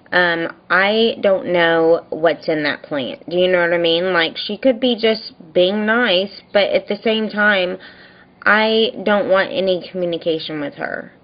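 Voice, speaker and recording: Ranting woman vlogger, lower voice. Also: muffled recording. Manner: rambling storytelling, quoting herself and others; frustrated, venting. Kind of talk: casual daily video diary.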